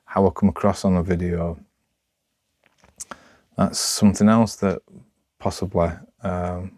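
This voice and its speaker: A man with a Sheffield accent talking unscripted to camera, rambling and halting with lots of restarts, in a rough, broad way of speaking. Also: deep voice, darkish tone, no echo, clean studio sound. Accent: Sheffield, Yorkshire. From Sheffield, England. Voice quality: rough, broad local speech. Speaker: vlogger.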